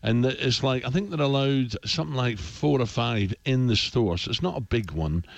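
A man telling a casual anecdote as a radio pundit, animated and mimicking voices. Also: medium pitch, normal speed, vocal fry, dry recording, lo-fi sound.

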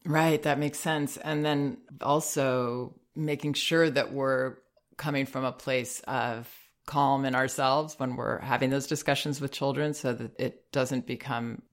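Female podcast host, very low voice, affirming and curious interviewer. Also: steady tone, unhurried. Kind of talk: conversational interview.

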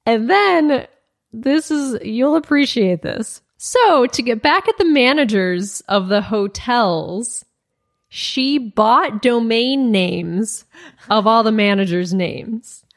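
Woman podcast host, casual storyteller, animated, drops into quoted voices, filler-heavy. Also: on the high side, slow. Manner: animated retelling, acts out quoted dialogue, many "like" fillers.

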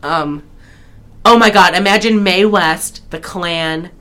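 A woman's voice: on the low side, takes it slowly, a bit bright. A woman co-hosting a podcast, recapping a film in casual chat with many restarts and laughs. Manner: rambling, restarts, laughs often. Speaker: podcast co-host.

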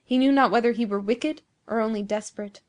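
A woman with a fairly high voice reads a classic tale aloud. She keeps a measured, even storytelling pace. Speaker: audiobook narrator. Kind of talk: scripted narration.

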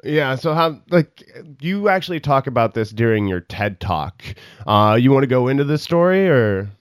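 A man's voice: medium pitch, big pitch swings, moderate pace, clean tone, dry recording, studio quality. A man interviewing a guest in a casual chat, asking loose questions.

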